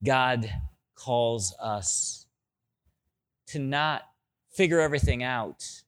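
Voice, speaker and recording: A middle-aged male pastor preaching a sermon and telling stories, with loud, excited bursts that drop into soft, low asides. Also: slow, pauses often, smooth.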